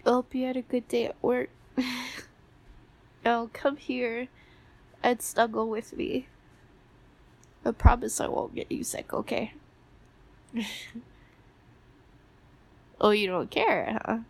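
A young woman with a stuffy, congested voice, soft and sleepy and given to giggles, in a whispered role-play as a sick girlfriend. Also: a little high, fairly even intonation, takes it slowly, vocal fry, pauses often. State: congested from a cold. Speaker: ASMR performer playing a sick girlfriend.

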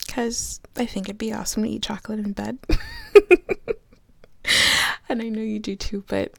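A young woman in a whispered role-play, speaking softly close to the mic, giggly and tearful. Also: mid-range voice, level tone, unhurried, creaky, pauses often, no echo. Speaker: audio role-play performer.

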